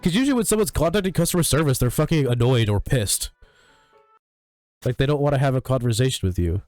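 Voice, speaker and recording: A man livestreaming in casual, rambling chat, swearing a lot and sounding sick, coughing and clearing his throat often. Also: medium pitch, animated, fast talker, a little mellow, dry recording. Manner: profane, ranting, full of fillers. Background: faint music.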